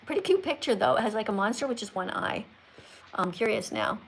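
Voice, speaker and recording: A woman's voice: medium pitch, lively intonation, a little fast, creaky, slight background noise. A woman in her sixties hosting a livestream, chatting casually, teasing callers and reading viewer comments aloud. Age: 60s. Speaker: livestream host.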